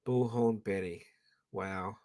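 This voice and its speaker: A man's voice: lowish voice, steady tone, slow, a little mellow. A man hosting a livestream, chatting in a rambling, profane way with frequent restarts, on a professional microphone. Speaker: livestream host. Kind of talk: rambling live-stream chat.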